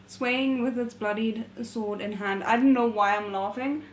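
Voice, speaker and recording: A woman reads a novel aloud for a readalong. Her voice sits a little high, and she often stops to correct a word. She cuts in with amused comments on the story. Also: steady tone, unhurried, slight background noise, poor audio. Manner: reads aloud with laughing off-script asides and self-corrections. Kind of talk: casual novel readalong with asides.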